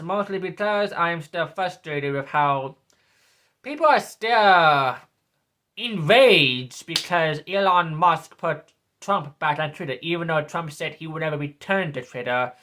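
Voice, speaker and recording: A man's voice: fairly high pitch, takes it slowly, pushed and bright. A man in his twenties delivering a sneering, repetitive political rant as a vlogger. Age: 20s. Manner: sneering, ranting, repeats himself.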